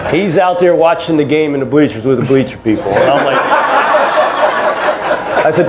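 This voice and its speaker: Here a former ballplayer in his fifties, appearing as a convention panelist, tells meandering stories to fans, laughing and restarting as he goes. His fairly high voice is sing-song at a moderate pace, and the poor audio picks up crowd noise.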